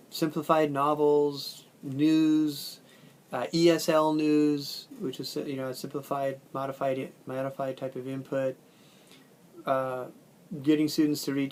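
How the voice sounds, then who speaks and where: A man with a Californian accent teaches a language lesson on video. His pitch stays level with little rise and fall. He speaks loosely, with frequent fillers and self-corrections. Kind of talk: recorded video lecture.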